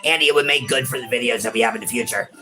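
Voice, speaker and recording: Over music, a man with a mid-range voice races through casual let's-play banter as he co-hosts a game playthrough. He's teasing and profane, and he keeps dropping his partner's name into nearly every sentence.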